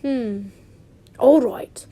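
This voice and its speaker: Kindly old headmaster, calm and unhurried, read by a woman in her own high, mellow voice. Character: elderly male wizard headmaster, kindly and calm.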